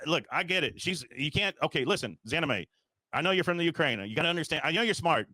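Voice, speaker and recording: Guy hosting a live stream, bright voice, dry sound, keeps saying relax. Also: fairly high pitch, no room sound. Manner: repetitive, soothing, placating. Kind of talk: heated live panel moderation.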